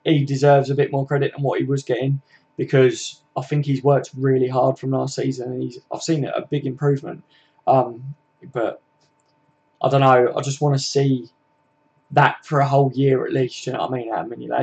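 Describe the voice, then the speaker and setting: A man's voice: mid-range voice, flat delivery, moderate pace, darkish tone, dull audio. Young man, southern English accent, slangy, chatty, tag questions, casual live-stream talk. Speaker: football live-stream host. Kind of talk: casual live-stream chat reading viewer comments.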